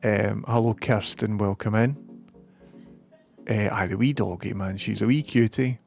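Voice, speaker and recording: A man's voice: fairly low pitch, steady tone, unhurried, gravelly, darkish tone, soft background music. A man with a Scottish accent chatting casually on a livestream, thinking aloud and greeting viewers one by one by name.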